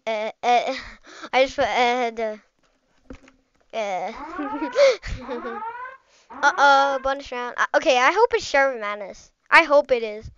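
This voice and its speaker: A woman giving casual, excitable live commentary over her gameplay, rambling and chatty as she plays. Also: on the high side, unhurried, clear, resonant tone, highs cut off. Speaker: gaming channel host.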